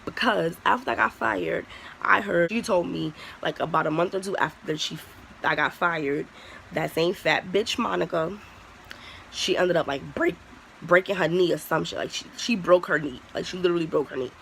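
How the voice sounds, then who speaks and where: A young adult vlogger talks straight to camera in a loose storytime style, blunt and full of swearing. The voice has a gravelly, creaky edge and sits in a middle pitch. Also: normal speed, a bit bright, slight background noise, rough recording. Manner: candid, profane, heavy use of "like". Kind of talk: casual storytime vlog.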